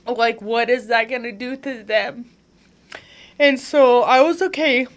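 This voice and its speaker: A woman guest on an interview show, telling her story in a chatty, animated way, full of "like" fillers. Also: fairly high pitch, measured pace. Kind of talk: casual conversational storytelling.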